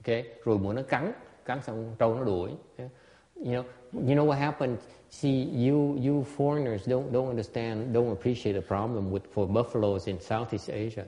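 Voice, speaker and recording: Vietnamese-accented monk in a reverberant hall. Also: male voice, medium pitch, brisk. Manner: animated, laughing, stammers and repeats words. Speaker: Buddhist monk teacher. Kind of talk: casual dharma talk.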